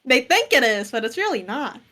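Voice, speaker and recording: A woman's voice: a little high, very animated, a little fast, bright, forceful tone. A young woman in casual chat, blunt and sarcastic, swearing freely as she argues her point.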